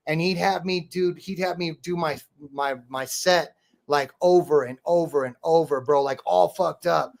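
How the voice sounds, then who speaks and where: A man with a fairly high, fry-tinged voice chats through stories at a moderate pace. He hosts a podcast, raps, and rambles profanely, leaning hard on "bro" and "dude."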